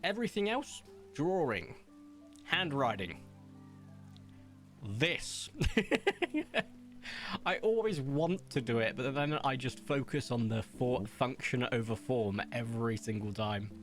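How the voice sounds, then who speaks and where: A man's voice: medium pitch, very animated, slow pace, pauses often, a bit bright, faint music behind. A young man from Somerset with a West Country accent, chatting casually and self-deprecatingly while streaming a game, his voice drifting between posh and broad. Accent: English West Country. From Somerset, England. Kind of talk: casual livestream chat.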